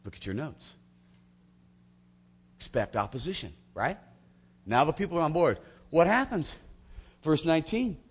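A man's voice: a little high, measured pace, long pauses, husky. A man preaching a sermon to his congregation, telling a biblical story with energy and acting out the characters' voices. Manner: animated, acts out voices of biblical figures. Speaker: pastor.

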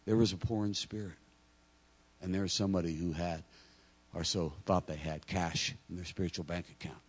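A man's voice: low-pitched, steady tone, moderate pace, breathy edge. A man preaching a sermon, talking to the congregation directly and acting out imagined speakers. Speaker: pastor.

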